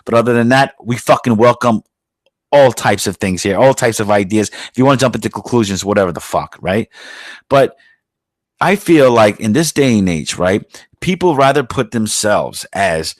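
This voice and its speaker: A man's voice: fairly low pitch, expressive, moderate pace, no room sound. A man hosting a podcast, talking in a rambling, profane way with many fillers and restarts, from the United States. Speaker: podcast host. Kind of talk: casual podcast monologue.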